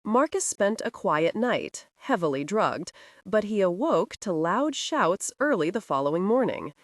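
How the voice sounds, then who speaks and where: A woman narrating a romantic thriller audiobook with expressive storytelling. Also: mid-range voice, unhurried, no room sound, clean studio sound.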